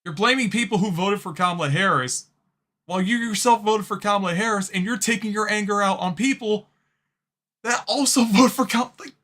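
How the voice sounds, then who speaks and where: A man's voice: sits high, brisk, fairly bright tone. A man hosting a reaction video, talking casually, swearing and laughing often. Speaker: host. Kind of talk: reaction commentary.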